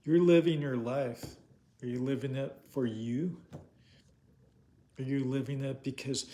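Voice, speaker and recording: A man's voice: medium pitch, steady tone, unhurried, pauses often, mellow. A man giving an informal sermon, earnest, asking rhetorical questions and repeating himself. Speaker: preacher.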